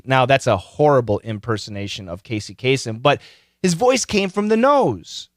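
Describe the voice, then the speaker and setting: A man hosting a podcast, giving casual advice in an animated, explanatory way. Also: normal speed, no room sound, clean studio sound. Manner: animated, explanatory, pitch leaping on key words. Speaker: podcast host.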